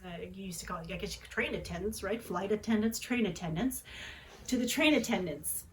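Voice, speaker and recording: A woman's voice: medium pitch, fairly quick, a little hiss or hum, poor audio. A woman in her forties telling a personal story in a dramatic, chatty way, often adding tag questions. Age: 40s. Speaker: vlogger.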